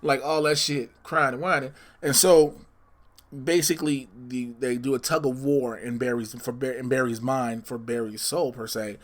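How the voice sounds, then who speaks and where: A man's voice: medium pitch, fairly even intonation, normal speed. A man hosting a solo podcast, chatting casually and in a scattered way. He often corrects himself and teases his listeners with spoilers. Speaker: podcast host.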